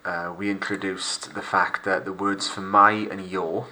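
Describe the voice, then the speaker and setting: Low-voiced man teaching French. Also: flat delivery, pushed and bright, slight background noise. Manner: slow, careful modelling of French pronunciation. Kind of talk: recorded remote lesson narration. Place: home recording for lockdown learning.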